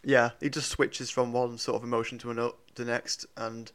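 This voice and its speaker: A man's voice: mid-range voice, little pitch movement, normal speed, a bit bright, smooth. A man in casual chat, laid-back and a bit hesitant, swearing casually.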